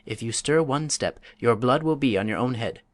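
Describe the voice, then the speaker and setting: A man voicing a fierce, boastful bandit in a storybook reading, loud and blustering. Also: mid-range voice, animated, normal speed, no echo, lightly acted. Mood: threatening.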